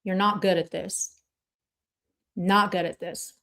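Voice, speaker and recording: A woman's voice: mid-range voice, steady tone, slow, a bit bright. A woman hosting a livestream, ranting in casual chat in a blunt, profane and combative way. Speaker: livestream host.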